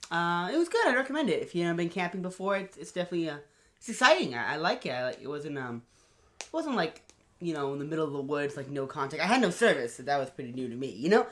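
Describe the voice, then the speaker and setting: A man co-hosting a casual podcast, upbeat and animated, with a lot of fillers. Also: on the high side. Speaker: podcast co-host. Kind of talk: casual chat.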